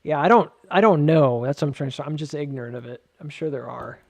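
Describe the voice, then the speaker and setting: A man's voice: fairly high pitch, a little fast, vocal fry, no room sound. A man casually walking through stock charts, rambling with joking asides and lots of filler words. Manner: filler-heavy, many "like"s. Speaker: market charting host.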